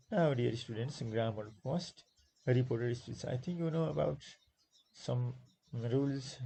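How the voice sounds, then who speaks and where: Gravelly, husky Nepali-accented male teacher. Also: mid-range voice, dark tone, poor audio. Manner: repeats words slowly to stress syllables, with many fillers; switches into Nepali to explain. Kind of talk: exam-prep lesson explaining a textbook.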